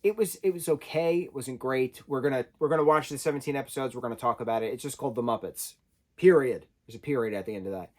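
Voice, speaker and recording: A man's voice: mid-range voice, fast talker, darkish tone. A man giving a casual spoken film review, talking loosely and correcting himself as he goes. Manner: conversational, self-correcting, loosely rambling.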